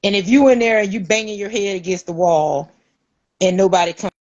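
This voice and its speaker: A woman's voice: medium pitch, fairly quick, highs cut off. A middle-aged woman, hosting a podcast in casual chat, telling stories animatedly and acting out the people she quotes. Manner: animated storytelling, acts out quoted voices. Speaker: podcast host.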